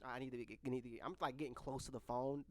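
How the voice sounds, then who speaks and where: A man's voice: mid-range voice, little pitch movement, fast, darkish tone. A young man in his twenties candidly telling a rambling personal story to his viewers. He restarts his sentences often as he goes. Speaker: vlogger. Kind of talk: casual storytelling. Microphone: microphone close by.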